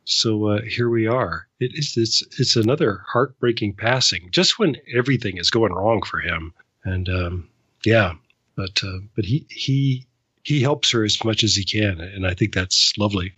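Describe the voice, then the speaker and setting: A man's voice: lowish voice, normal speed, fairly bright tone, slightly rough, no room sound, dull audio. A man co-hosting a casual discussion, enthusiastic and stammering at the start of his sentences. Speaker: podcast co-host.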